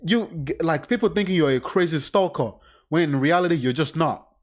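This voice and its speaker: A man reading a crime case aloud and reacting casually, blunt and swearing often, with animated side remarks. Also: fairly high pitch, fairly quick. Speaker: reaction commentator.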